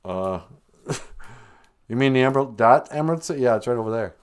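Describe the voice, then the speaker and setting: A man's voice: mid-range voice, expressive, moderate pace, smooth, close to an everyday voice. A man voicing a friendly talking scarecrow who talks in a laid-back, rambling way.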